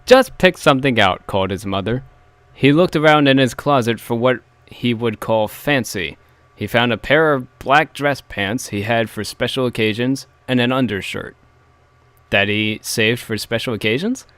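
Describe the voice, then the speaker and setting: A man's voice: medium pitch, moderate pace, a bit bright, no echo. Male co-host, playful reader, laughs a lot, dry close-mic sound. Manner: giggly, playful. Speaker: co-host reading a story. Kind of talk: casual comedic reading and commentary.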